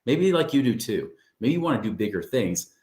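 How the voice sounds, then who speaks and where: A man's voice: mid-range voice, big pitch swings, brisk, a little mellow, reverberant. A man who coaches on money, giving a webinar in an upbeat, conversational way and often checking in with his listeners. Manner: upbeat, conversational, often asks "right?" and says "guys". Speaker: financial coach. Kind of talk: webinar presentation.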